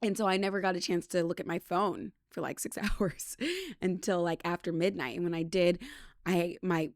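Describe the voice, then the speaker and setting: A woman's voice: fairly low pitch, normal speed, no echo. Canadian-born woman podcaster, chatty storytelling, dry close mic. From British Columbia, Canada. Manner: chatty and animated, acts out quotes. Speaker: podcast host. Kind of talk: casual storytelling monologue.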